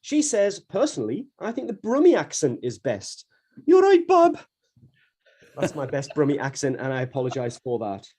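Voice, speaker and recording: A man's voice: medium pitch, big pitch swings, brisk, hardly any pauses, mellow, slightly rough. A man hosting a school radio show in chatty, casual talk with frequent restarts. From North East England. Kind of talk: casual live chat.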